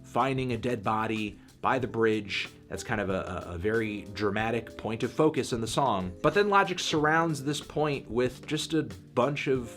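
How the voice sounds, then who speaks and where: A man giving a music review in a dry, sarcastic, deadpan manner. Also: medium pitch, normal speed, few pauses. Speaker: music critic. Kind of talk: review commentary.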